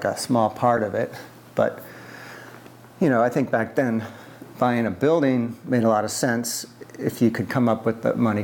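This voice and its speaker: Brief: man from the US East Coast, mid-pitched, rambling storyteller in an oral history interview. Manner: rambling, conversational, many fillers and restarts.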